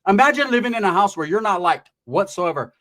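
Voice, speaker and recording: Higher-pitched male comic storyteller, slangy and crude. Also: lively intonation, brisk, a bit bright. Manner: slangy, profane, loose asides. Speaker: stand-up storyteller. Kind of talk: comedic storytelling.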